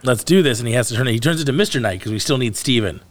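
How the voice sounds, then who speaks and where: A man's voice: medium pitch, expressive, very fast. A man hosting a casual podcast, recapping a show in a loose, rambling way with some swearing. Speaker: podcast host. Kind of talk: casual chat recapping a TV episode.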